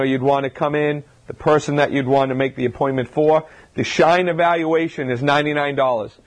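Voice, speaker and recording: A man, a chiropractor, gives an informal lecture to a live audience, talking through his points with rhetorical questions and frequent restarts. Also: mid-range voice. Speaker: chiropractor giving a health talk.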